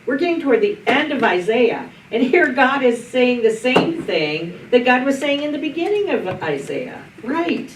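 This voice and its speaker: A middle-aged woman pastor leads a group Bible study in a church meeting room, telling folksy, anecdotal stories and often restarting her sentences. Her high, sing-song voice moves at a moderate pace with hardly any pauses. The recording sounds roomy, with a distant mic and faint noise.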